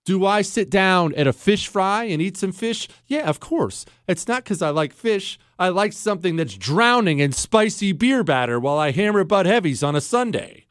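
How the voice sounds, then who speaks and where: A man's voice: sits high, lively intonation, normal speed, few pauses, fairly bright tone, clean tone, dry recording. A man hosting a talk show, delivering an emphatic, combative, teasing opinion monologue into a studio microphone. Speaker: radio talk show host.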